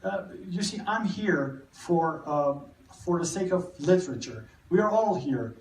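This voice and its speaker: A man giving a live literature lecture, talking haltingly with many repeated words and restarts. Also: sits high, lively intonation, a little mellow. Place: cinema hall. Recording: echoey room, mic far off.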